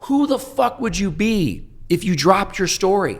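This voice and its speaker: A man recounting his angry sponsor, voicing him as a profane, yelling older mentor. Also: sits high, very animated, measured pace, pitched above the performer's own voice, exaggerated voice. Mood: furious. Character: furious male recovery sponsor screaming.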